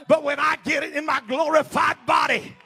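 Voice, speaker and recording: A man preaching a revival sermon, shouting and exhorting his congregation to praise. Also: very high-pitched, flat delivery, normal speed, creaky, faint music behind. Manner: shouting, call-and-response exhortation.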